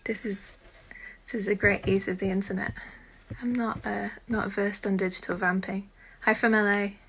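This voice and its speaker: A British woman hosting a casual live-stream chat on her phone, chatty and self-deprecating, with quiet muttered asides. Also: mid-range voice, steady tone, moderate pace, slight background noise. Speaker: host.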